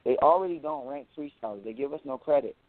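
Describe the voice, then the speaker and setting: A man talking as an interview guest, boastful and animated, who often repeats words as he goes. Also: mid-range voice, fast talker, no echo. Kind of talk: casual interview talk. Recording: tinny phone-like audio.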